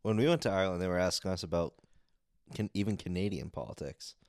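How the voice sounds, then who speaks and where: A man's voice: deep voice, fast talker, darkish tone, dry recording. A man co-hosting a casual podcast, adding short, dry remarks. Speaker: podcast co-host. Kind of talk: casual chat.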